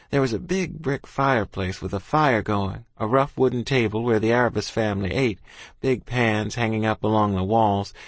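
A man's voice: on the low side, no echo. A man reading a first-person audiobook in a plain, folksy storytelling manner. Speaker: audiobook narrator.

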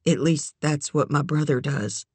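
Woman reading a shy polite eighteen-year-old guy, low, quiet, slow. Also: slightly rough, no room sound.

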